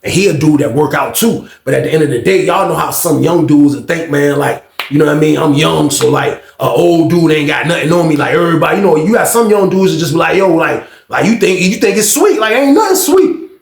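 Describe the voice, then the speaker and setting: Brief: man, high gravelly voice, lively storyteller, echoey room. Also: fast talker, hardly any pauses. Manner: animated, acts out quotes, repeats himself. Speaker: storyteller recounting prison life. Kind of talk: casual storytelling.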